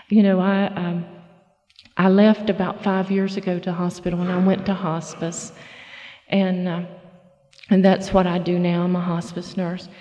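Middle-aged woman telling her story at a meeting, mellow voice, lots of uhs, echoey dull recording. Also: mid-range voice. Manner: folksy, halting storyteller with many fillers and restarts. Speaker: speaker at a recovery meeting. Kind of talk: personal testimony talk.

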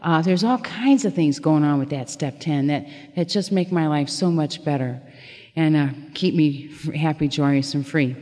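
A woman's voice: low-pitched, normal speed, warm tone, long reverb tail. A middle-aged woman telling her own recovery story in a candid, self-mocking way, often laughing at herself. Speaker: recovery meeting speaker. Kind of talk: personal testimony talk.

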